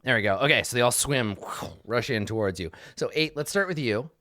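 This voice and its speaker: A man narrating as game master in a tabletop game, animated and laughing, with frequent fillers. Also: medium pitch, brisk.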